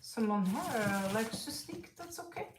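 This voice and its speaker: A tarot reader, a woman who isn't a native English speaker and has a blend of British and Russian accents, does live readings for chat viewers, hesitating often and using many fillers. Her mid-range voice is expressive at a moderate pace, but she's far from the mic in an echoey room with a lot of noise.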